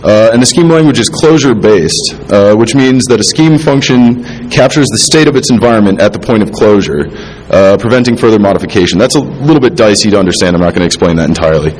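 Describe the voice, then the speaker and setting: Halting man giving a technical talk. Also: lowish voice, lively intonation, a little mellow, rough recording. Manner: halting, many fillers and restarts, dry self-deprecating asides. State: tipsy, drinking while talking. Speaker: conference speaker. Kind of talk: technical presentation.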